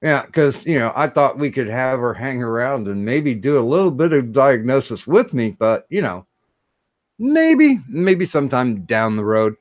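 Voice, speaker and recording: A man hosting a podcast, talking casually and haltingly with frequent pauses. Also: medium pitch, big pitch swings, no echo, studio quality. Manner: halting, many fillers and restarts. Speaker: podcast host.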